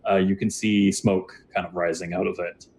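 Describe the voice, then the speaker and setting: A man's voice: low-pitched, level tone, normal speed, darkish tone, a little hiss or hum. A man narrating a tabletop game as game master, rambling with many fillers and restarts.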